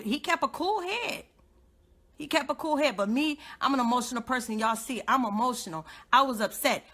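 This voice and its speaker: Fired-up high bright-voiced woman. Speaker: godmother and activist livestreamer. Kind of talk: impassioned live social media rant.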